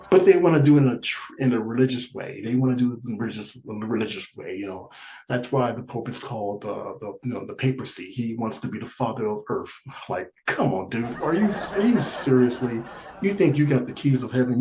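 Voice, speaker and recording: Male stand-up comic, mid-pitched, rambling delivery, repeats and laughs mid-line; echoey room, faint hiss. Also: a little mellow. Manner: rambling and repetitive, laughing through lines. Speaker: stand-up comedian. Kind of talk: stand-up comedy set.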